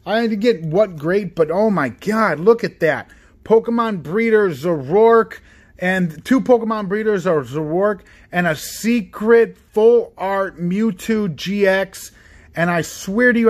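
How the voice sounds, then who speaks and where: Guy opening trading cards on camera, talks slow, higher voice, gets real excited. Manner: excitable, repeats "guys" and "oh my god"; lists cards in a low, subdued voice. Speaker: card-opening video host. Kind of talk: casual unboxing commentary.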